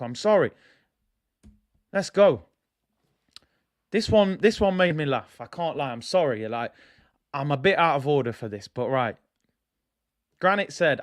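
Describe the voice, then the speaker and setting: A man's voice: mid-range voice, moderate pace, pauses often. A young man hosting a fan channel, ranting in casual slangy commentary. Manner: animated, slangy, ranting with laughs. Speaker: football fan channel host.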